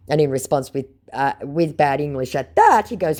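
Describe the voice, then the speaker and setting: A woman's voice: low voice, sing-song, moderate pace, warm tone. A woman hosting a scam-baiting video, reading out chat logs in a sarcastic, mocking way.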